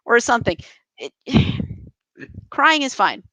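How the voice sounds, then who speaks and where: Guest voice: emphatic young woman, higher pitch, dry close sound. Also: very animated, slow, a bit bright, no echo, rough recording. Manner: passionate, emphatic, many restarts. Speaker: podcast guest. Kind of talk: casual interview chat.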